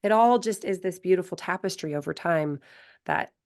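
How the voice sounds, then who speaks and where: A woman's voice: on the low side, normal speed, a little mellow. A woman hosting a podcast who used to coach gymnastics. She chats in a casual, enthusiastic and reflective way. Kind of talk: casual interview chat.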